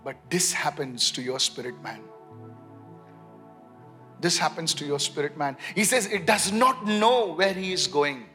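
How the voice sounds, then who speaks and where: High bright-voiced preacher man. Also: animated, unhurried, soft background music. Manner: call-and-response preaching, dramatic swings from quiet to shouting. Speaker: pastor. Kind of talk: sermon. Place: church.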